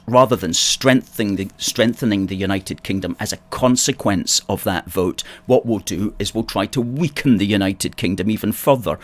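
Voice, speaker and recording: A man with a Scottish accent from Ayrshire hosts a casual livestream in a low, deep voice. He reads viewer comments aloud and answers them in a chatty way, with the odd wry aside. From Scotland, Ayrshire. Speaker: host of a political livestream.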